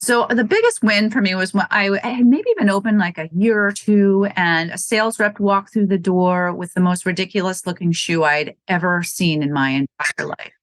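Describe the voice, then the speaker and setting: A woman's voice: medium pitch, moderate pace, few pauses, dry recording. Chatty woman telling stories, dry sound. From Wisconsin, United States. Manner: chatty storyteller, acts out quotes, laughs often. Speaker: running shoe store owner, guest. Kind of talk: casual interview chat.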